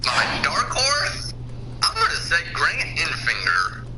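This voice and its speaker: A man's voice: a little high, huge pitch swings, takes it slowly, a little hiss or hum, poor audio. A man co-hosting a casual show, laid-back as he reads out his picks. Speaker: co-host. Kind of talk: casual chat. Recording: loud game music behind.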